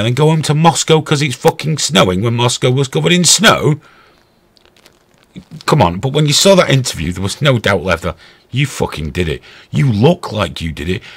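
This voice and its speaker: This show host, a middle-aged Englishman, delivers ranting commentary on the news that is blunt, sarcastic and full of swearing. He speaks with a fairly low, gravelly, husky voice.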